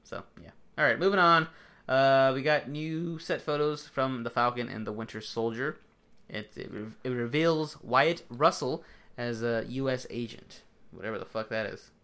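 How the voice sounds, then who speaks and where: A man's voice: mid-range voice, moderate pace, bright, forceful tone. A man co-hosting a casual podcast, joking, laughing often and swearing freely. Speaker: podcast co-host. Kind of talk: casual chat.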